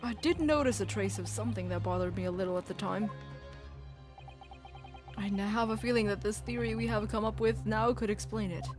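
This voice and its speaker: A woman voicing a composed young male defence lawyer and reading his lines formally and deliberately. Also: medium pitch, music in the background, close to an everyday voice.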